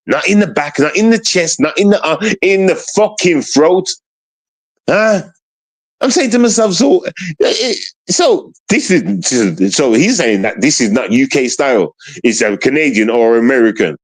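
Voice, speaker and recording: A man, ranting on his livestream in street slang and repeating himself. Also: a little high. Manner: repetitive, confrontational street slang. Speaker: streamer.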